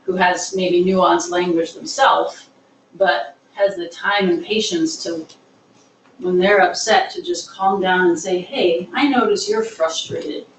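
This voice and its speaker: A woman's voice: on the low side, steady tone, slow pace, a little hiss or hum. A woman leading a classroom discussion, explaining earnestly with everyday examples. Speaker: instructor on trauma-informed teaching. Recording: echoey room, voice from far off.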